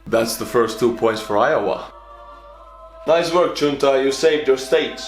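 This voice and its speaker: A man with an Estonian accent hosting a reaction video, talking bluntly and joking, with sudden excited shouts. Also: mid-range voice, unhurried, reverberant, soft background music. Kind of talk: casual reaction commentary.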